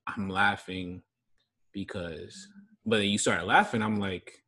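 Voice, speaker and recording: A man's voice: on the low side, steady tone, takes it slowly, sharp tone, slightly rough. A man as a podcast guest, asking questions in a casual, hesitant way with many fillers. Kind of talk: casual chat.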